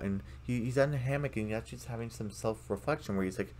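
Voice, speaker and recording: A man with a fairly low voice talks through a cartoon episode in a loose, casual recap. He rambles, full of fillers and restarts. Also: fast, hardly any pauses, a little mellow, a little hiss or hum. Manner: rambling, many fillers, acts out characters' lines. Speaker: video commentator.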